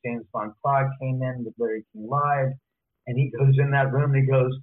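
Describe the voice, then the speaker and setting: A man telling stories as an interview guest, lively, acting out the voices of people he quotes. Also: mid-range voice, moderate pace. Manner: animated, acts out quoted voices. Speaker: author and guest. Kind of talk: casual storytelling interview. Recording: tinny phone-line audio.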